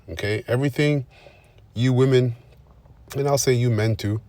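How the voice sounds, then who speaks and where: A man's voice: medium pitch, normal speed, pauses often, dark tone, dry recording. A man preaching and commenting on scripture, driving each point home with repeated "all right?" checks. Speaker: religious teacher.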